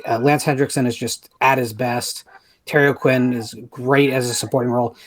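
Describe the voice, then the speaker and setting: Husky-voiced man gushing about a show. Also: medium pitch, steady tone, moderate pace. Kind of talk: casual movie commentary.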